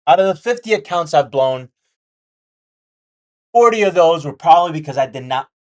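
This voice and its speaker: Candid trading vlogger, mid-pitched voice. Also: lively intonation, moderate pace, a little mellow. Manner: candid, repeats points for emphasis; jokey asides, mimes chart as it draws. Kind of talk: casual motivational talk while sketching.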